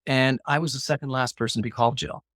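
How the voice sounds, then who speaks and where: A man's voice: medium pitch, fairly even intonation, fast talker, fairly bright tone, dry recording. A middle-aged man telling a personal story as a guest in an interview, acting out the competing voices in his head. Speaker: guest, former hostage negotiator.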